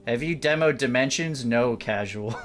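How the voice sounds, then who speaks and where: Male streamer, mid-pitch, casual and profane, narrating his own gameplay. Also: moderate pace, fairly bright tone, faint music behind. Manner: talks while playing, swears freely. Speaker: streamer playing a shooter. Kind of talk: casual gaming chat while playing.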